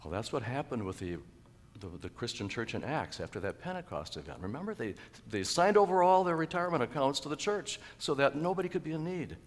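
A male pastor preaching a sermon in a church, animated and chuckling, with sudden loud exclaimed quotes. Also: medium pitch, a little fast, long reverb tail. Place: church sanctuary.

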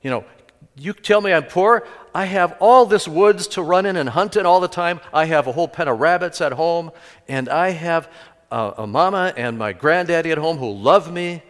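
A man's voice: fairly high pitch, moderate pace, in a large hall, pitched above the performer's own voice, natural voice. A preacher acting out an indignant teenage country boy. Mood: furious, indignant. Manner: shouting with indignation.

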